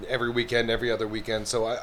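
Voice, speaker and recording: A man guest from Pennsylvania and New Jersey chats loosely in a podcast, his voice mid-pitched. He rambles and jokes with a lot of swearing. A faint hiss sits under the recording. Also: monotone, very fast, fairly bright tone. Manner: joking, profane, rambling. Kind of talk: casual chat.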